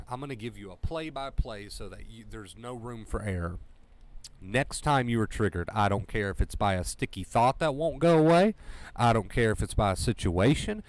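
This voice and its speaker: Male stream host, anxiety coach; emphatic, repetitive, talks straight to chat, mid pitch, dry close mic. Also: no room sound. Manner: emphatic, repeats key phrases, addresses chat directly. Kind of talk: motivational livestream talk.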